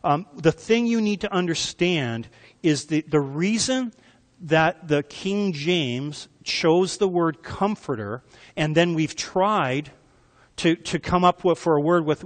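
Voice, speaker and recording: A man's voice: on the high side, in a large hall. A male pastor preaching a sermon, emphatic and asking the congregation questions as he goes.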